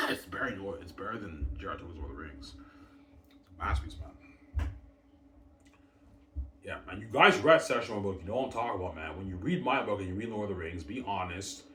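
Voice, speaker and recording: A man's voice: low-pitched, lively intonation, moderate pace, pauses often, pushed and bright, a little hiss or hum. A man hosting a casual solo livestream, boasting over and over and calling out to his viewers. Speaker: livestream host. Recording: roomy, distant mic.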